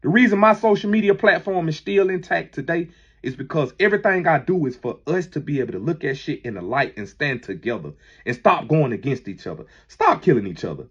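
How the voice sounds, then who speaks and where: A man giving a heated, profane monologue that keeps rising toward a shout. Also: on the high side, expressive, fairly quick, husky, dull audio. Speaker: manager addressing critics. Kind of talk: impassioned monologue.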